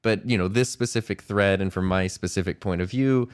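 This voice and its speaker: A man's voice: deep voice, a little fast, smooth. A man hosting a solo podcast, talking in a reflective, rambling way with frequent small laughs. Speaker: podcast host and teacher. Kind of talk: casual solo podcast monologue.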